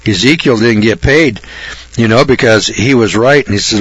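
A man's voice: medium pitch, normal speed, fairly bright tone, breathy edge, no room sound. A man preaching a folksy Bible sermon, blunt and colloquial. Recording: dull lo-fi recording.

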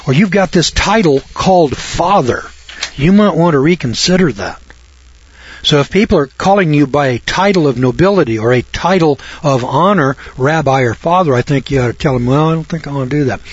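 A man's voice: a little high, slightly rough, no echo. A man giving a rambling, folksy Bible talk, with chuckling asides and jokes at his own expense. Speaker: Bible teacher. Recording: dull dry lo-fi recording.

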